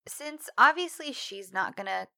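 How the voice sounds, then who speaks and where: A woman's voice: a little high, measured pace, creaky, dry recording, studio quality. A woman in casual chat, recapping a TV series, laughing often and acting out the characters' lines. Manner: giggly, acts out characters' lines in animated bursts. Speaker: podcast co-host recapping a TV series.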